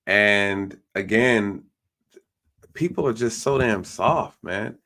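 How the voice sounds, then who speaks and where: Low gravelly guy ranting on his stream, blunt, does little voices for quotes. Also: slow, sharp tone. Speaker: host of a live stream. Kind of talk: casual opinion talk.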